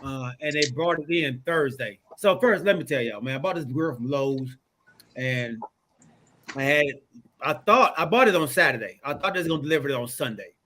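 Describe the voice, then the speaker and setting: A man hosts a casual podcast and runs through his viewer shout-outs with plenty of energy. His voice sits a little above average in pitch. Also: expressive, normal speed, slight background noise. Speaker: host.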